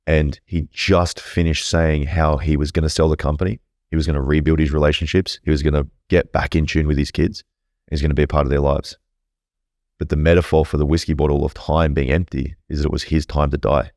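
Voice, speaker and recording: A man's voice: a bass voice, little pitch movement, fairly quick, darkish tone, dry recording, studio quality. A man speaking bluntly and earnestly as a podcast guest, swearing freely in casual interview talk.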